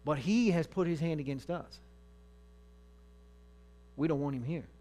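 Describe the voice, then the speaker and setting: A man's voice: fairly high pitch, unhurried, warm tone, close to an everyday voice. A man doing blunt casual army commanders.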